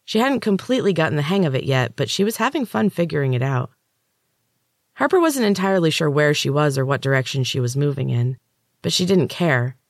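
Man reading dark fantasy aloud. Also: on the high side, very animated, brisk, creaky, no room sound, clean studio sound. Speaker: podcast host and author reading his own story. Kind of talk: scripted narration of a dark fantasy story.

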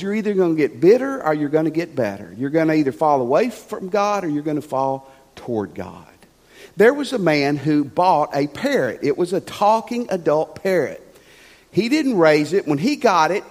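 A male pastor preaching a sermon with animated storytelling, swinging between loud and hushed. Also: sits high. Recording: long church hall reverb.

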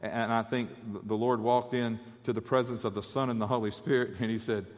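A man's voice: medium pitch, little pitch movement, a little fast, long reverb tail. A man preaching a conversational sermon, often repeating words as he stammers.

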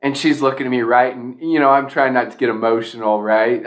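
A man's voice: mid-range voice, steady tone, a little fast. Emphatic male motivational speaker. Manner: emphatic, repeats key lines for effect. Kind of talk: motivational speech to a sales audience.

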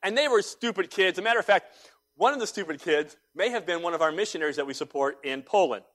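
Middle-aged pastor guy, high voice, preaching hard then dropping real quiet, repeats himself a lot. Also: lively intonation, fast. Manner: emphatic and repetitive, swinging between loud exhortation and hushed asides. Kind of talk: sermon.

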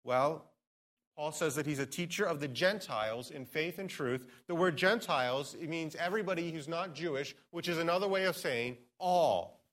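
A man's voice: a little high, fairly bright tone. A man preaching an earnest expository sermon as pastor, reading scripture aloud and stressing key words.

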